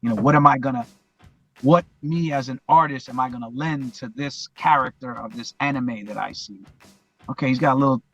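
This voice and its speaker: Male guest, husky, conversational and heartfelt, loops back on his phrases; faint music bed. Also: medium pitch, brisk, fairly bright tone, dull audio. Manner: rambling, repeats phrases, heartfelt. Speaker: podcast guest, voice actor. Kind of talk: casual reflective interview talk.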